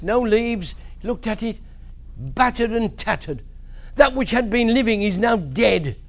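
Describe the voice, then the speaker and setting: A man preaching to children, telling a Bible story in an animated way with big swings in his voice. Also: extremely high pitch.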